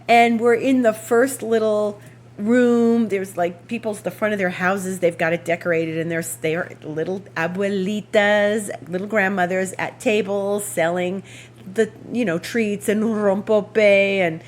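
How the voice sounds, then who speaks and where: A woman hosting an astrology show, telling a rambling, animated story with frequent laughs and asides. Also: mid-range voice, a little slow, slight background noise. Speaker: astrology podcast host. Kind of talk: casual anecdotal storytelling.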